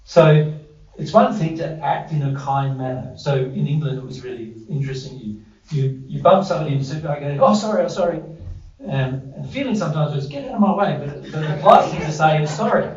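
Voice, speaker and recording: A man's voice: on the high side, a little fast, darkish tone. Man teaching a group in an echoey room. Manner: conversational, quizzes the audience, self-deprecating asides. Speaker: workshop presenter. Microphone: distant room mic. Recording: roomy, distant, dull lo-fi audio.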